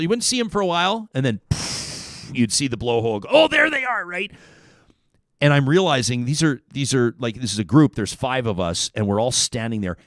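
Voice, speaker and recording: A man's voice: medium pitch, dry recording. Chatty male talk show host, dry sound. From Canada. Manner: animated storyteller, chatty with many restarts. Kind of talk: casual talk show chat.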